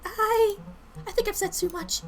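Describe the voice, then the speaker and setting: A woman putting on a jittery squeaky worker. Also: steady tone, measured pace, slight background noise. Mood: nervous. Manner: jittery, stammering, high squeaky voice. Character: nervous timid woman hiding a secret.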